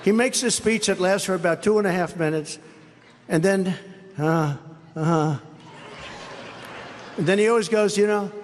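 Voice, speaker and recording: A man's voice: high voice, moderate pace, pauses often. A man giving a sarcastic, repetitive rally speech, rambling from point to point. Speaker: political speaker at a rally. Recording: long reverb of a large venue, faint background noise.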